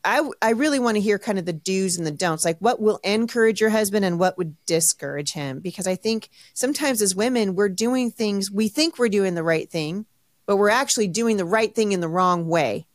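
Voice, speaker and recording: A woman's voice: medium pitch, brisk, no echo. A woman hosting a podcast who asks questions and affirms her guest in a casual chat, laughing easily. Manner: warm affirming interviewer, laughs and says mm-hmm a lot. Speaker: podcast host.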